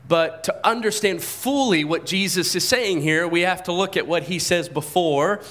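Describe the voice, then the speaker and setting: A pastor with a slightly raised pitch delivers his sermon in an easygoing, conversational way. He keeps turning to the congregation with questions and often stumbles over the start of a sentence, repeating a word before going on. He speaks into a microphone at a church service. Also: normal speed, a bit bright. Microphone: handheld or stand microphone.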